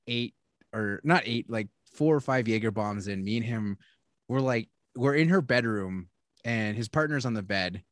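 A man's voice: medium pitch, no echo. Young guy telling a wild story on a podcast, laughs a lot, swears, dry close mic. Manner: animated, laughing storyteller who swears often. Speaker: podcast co-host. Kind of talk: casual storytelling chat.

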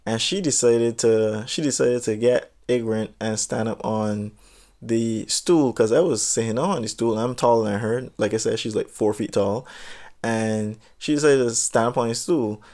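A man's voice: medium pitch, normal speed, a little mellow. A young man telling a story in a brash, rambling, slangy way. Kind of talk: animated storytelling.

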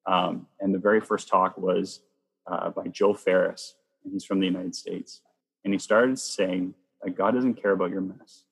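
Deep, husky man telling a story. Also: big-room sound. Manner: lively storyteller, acts out quoted lines. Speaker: guest sharing his faith story. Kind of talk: personal testimony storytelling.

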